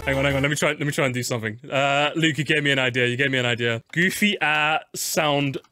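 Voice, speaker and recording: A young man doing casual live-stream commentary while ranking game tracks, swearing a lot and jumping into high-pitched squeals when annoyed. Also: quick pace, sharp tone. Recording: game music playing faintly behind.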